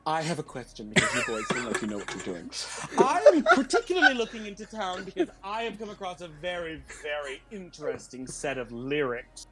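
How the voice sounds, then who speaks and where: A man playing a vain, flamboyant female bard who protests dramatically. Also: high-pitched.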